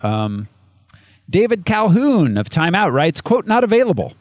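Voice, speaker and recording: A man's voice: fairly high pitch, sing-song, slow, dry recording, clean studio sound. A man co-hosting a casual movie review chat, rambling through cast lists with many fillers and frequent laughs. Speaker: podcast co-host.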